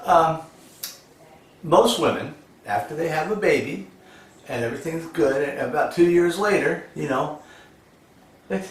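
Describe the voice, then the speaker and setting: A man's voice: a little high, animated, unhurried, pauses often. A man telling old jokes in a rambling way, full of "you know" and laughing at his own punchlines. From United States. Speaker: joke teller. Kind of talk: casual joke telling. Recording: echoey room, voice a bit far from the mic.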